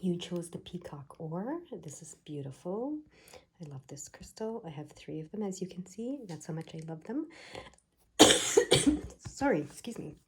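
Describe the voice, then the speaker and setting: A woman giving a casual pick-a-pile tarot card reading. She talks in a chatty, wandering way full of fillers, and her throat is irritated, so she keeps clearing it. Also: on the low side, sing-song, measured pace, background noise. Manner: chatty, digressive, frequent fillers.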